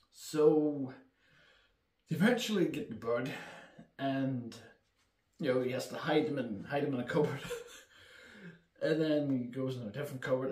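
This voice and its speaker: A man's voice: mid-range voice, darkish tone, distant mic. A man casually recapping a film plot, swearing often, laughing and rambling as he goes. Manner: profane, laughing, rambling storyteller. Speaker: film reviewer. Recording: echoey room, mic set back.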